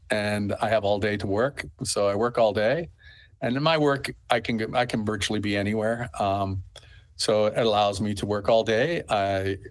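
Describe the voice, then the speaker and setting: Man, middle-aged, low voice, rambling storyteller, from canada, interview guest. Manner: rambling storyteller, full of fillers. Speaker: festival owner, interview guest. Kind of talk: conversational interview.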